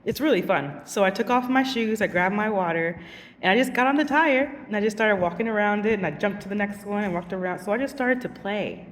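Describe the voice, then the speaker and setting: A young woman teacher telling casual vlog stories, animated and giggly, acting out voices. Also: medium pitch, a little fast, big-room sound, far from the mic, a little hiss or hum.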